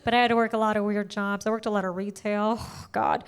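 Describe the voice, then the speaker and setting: This American woman in her thirties is a stand-up comedian performing a set of sarcastic, punchy stories on stage. Her voice sits at medium pitch with a level tone, and she talks fast and smoothly.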